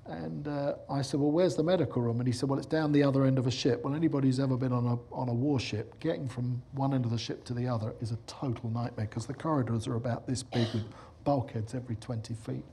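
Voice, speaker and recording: Husky man telling a story. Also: medium pitch, steady tone, fast, hardly any pauses, dark tone. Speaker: film director giving a lecture. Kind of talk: lecture with lively anecdotes.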